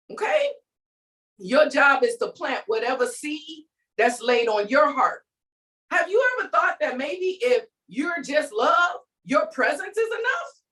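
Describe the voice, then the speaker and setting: A woman's voice: high-pitched, fairly bright tone, recorded from a distance, poor audio. A woman giving an emphatic, preachy faith talk, calling out to her listeners as she vents. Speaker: faith vlogger. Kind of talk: inspirational rant.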